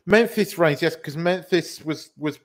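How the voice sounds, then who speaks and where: A man's voice: fairly high pitch, measured pace. A man hosting a casual film podcast, rambling and correcting himself, with the odd swear word. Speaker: podcast host.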